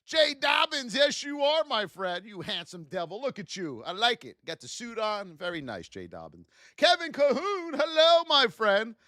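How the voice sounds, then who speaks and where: A man's voice: extremely high pitch, huge pitch swings, normal speed, hardly any pauses, sharp tone, no room sound, clean studio sound. A man hosting a live trading stream in a blunt, chatty way, telling stories, reading out price levels and calling out to viewers by name.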